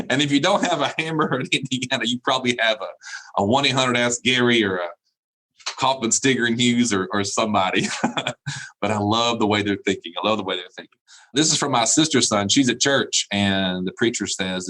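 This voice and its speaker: A man's voice: lowish voice, moderate pace, fairly bright tone, low-quality recording. A man who is a college dean, giving a motivational keynote over a video call, telling funny anecdotes and chuckling at his own jokes before turning earnest and encouraging. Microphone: video call mic.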